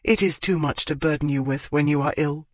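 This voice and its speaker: A man's voice: fairly high pitch, a little fast, no room sound, close to an everyday voice. A man voicing a spirited, impulsive young country woman in an audiobook, raising his voice into her earnest, wavering pleas. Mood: anxious. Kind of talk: audiobook character voice.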